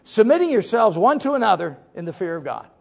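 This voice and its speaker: A middle-aged man preaches as pastor with a sing-song, creaky voice at a quick pace. The sermon is folksy and jokey, swinging between loud emphasis and low asides.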